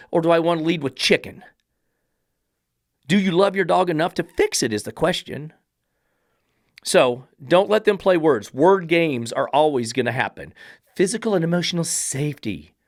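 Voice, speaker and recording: A middle-aged man with a fairly high voice gives a dog trainer's blunt, sarcastic commentary. He talks straight at the listener, swearing at times, and the sound is dry and close, with no room echo. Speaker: dog trainer hosting a podcast. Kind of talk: commentary reacting to a read-out text.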